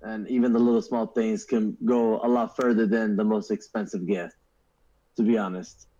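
A man's voice: fairly low pitch, little pitch movement, normal speed, dark tone, muffled recording. A man co-hosting a podcast, calling in over voice chat, telling loose stories and swearing a lot. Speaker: podcast co-host. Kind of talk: casual chat.

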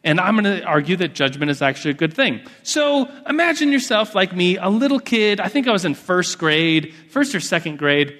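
A young man preaching a sermon, telling a childhood story with lively acted-out voices and frequent restarts. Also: high-pitched, fairly quick, few pauses. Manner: animated, acts out childhood voices, restarts often. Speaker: pastor. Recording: long hall reverb.

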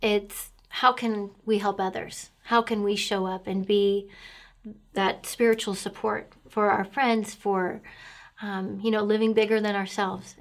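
A middle-aged woman earnestly telling her personal faith story, emotional and pausing often with fillers. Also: medium pitch. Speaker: guest sharing testimony.

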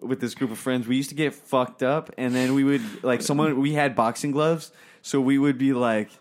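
A man's voice: medium pitch, fairly even intonation, normal speed. Swearing, rambling young man telling stories. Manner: swears often, rambling, laughs through stories. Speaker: podcast co-host. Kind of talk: casual storytelling chat.

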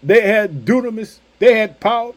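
A man preaching with fervor, his voice sitting high for a man. He hammers home repeated catchphrases and jumps from booming declarations to quiet, intimate asides. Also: expressive, normal speed. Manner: emphatic, repeats catchphrases, swings between loud outbursts and hushed asides. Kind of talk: sermon.

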